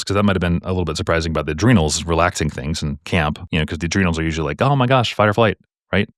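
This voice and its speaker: A man tutoring medical exam questions, walking through answers in a casual, jokey lecturing way with quick asides. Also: low voice, fairly bright tone, no room sound, studio quality. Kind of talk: explaining practice exam questions.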